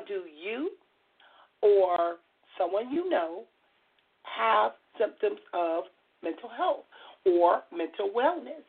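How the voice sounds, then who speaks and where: Hoarse woman hosting talk radio over a phone line. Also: sits high. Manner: chatty, earnest, tries to speak softly. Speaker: radio show host. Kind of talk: call-in talk radio monologue. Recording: tinny phone-line audio.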